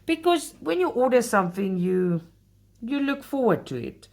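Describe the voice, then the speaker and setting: A woman's voice: a little high, sing-song, normal speed, vocal fry, a little mellow. A woman hosting a casual craft vlog, talking straight to her viewers and getting heated when she complains. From South Africa. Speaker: cross-stitch channel host.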